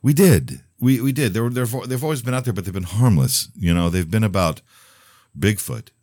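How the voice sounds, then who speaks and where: A man's voice: lowish voice, expressive, normal speed, a little mellow, no room sound, studio quality. A man hosting a radio talk show, musing in a rambling, blunt, opinionated monologue full of restarts and asides. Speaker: radio host. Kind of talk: casual monologue.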